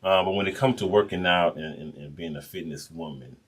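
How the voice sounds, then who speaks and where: A man's voice: sits low, fairly quick, very noisy. A man from the American South hosting a podcast interview with a playful, teasing manner. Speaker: podcast host. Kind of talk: casual interview chat.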